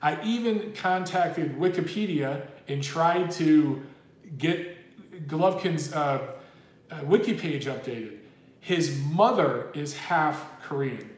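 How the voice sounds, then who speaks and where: A man with a fairly high pitch hosts a casual boxing livestream in a reverberant space, reading viewers' super chats aloud. He is chatty and rambling, and says "dude" a lot.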